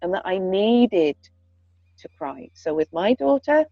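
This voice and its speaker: A woman's voice: mid-range voice, sing-song, measured pace, dry recording, lo-fi sound, faint music behind. A woman in casual chat, candid and earnest, swearing freely. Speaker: podcast co-host, parent.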